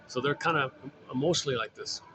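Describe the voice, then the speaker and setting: A man's voice: mid-range voice, fast talker, background noise. A man lecturing informally on psychology, rambling and repeating phrases with frequent fillers. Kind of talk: informal recorded talk.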